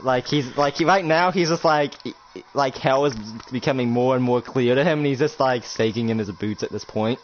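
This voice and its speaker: A man's voice: medium pitch, moderate pace. A young man narrating a casual game roleplay, rambling with lots of fillers. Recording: lo-fi recording with music behind.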